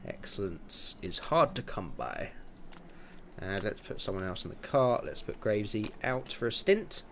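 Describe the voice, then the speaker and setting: A man's voice: on the low side, sing-song, normal speed, fairly bright tone, a little hiss or hum. A man in his twenties streaming a racing management game, chatting casually and muttering to himself as he adjusts car setups. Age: 20s. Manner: chatty, muttering to himself while tweaking settings, chuckling asides. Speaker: livestream gamer. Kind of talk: casual livestream commentary.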